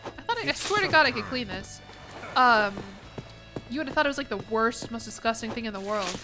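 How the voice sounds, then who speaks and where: A young American woman streams a game and chats in a rambling way, restarting her sentences a lot and sounding a bit congested. Her voice is a little high, animated, and a little fast, with music playing underneath.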